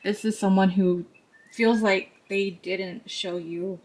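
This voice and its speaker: A woman talking gently to her viewers as she reads cards, her voice soft and tender. She is sometimes close to tears and laughs at herself. Her pitch sits in the middle for a woman. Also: fairly even intonation, takes it slowly, poor audio. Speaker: tarot reader. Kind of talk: intuitive card reading to camera.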